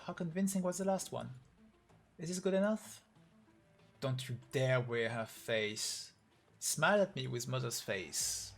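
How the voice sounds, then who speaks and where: A man on a live stream reading a game's story aloud, voicing every character in his own voice and getting emotional. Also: on the high side.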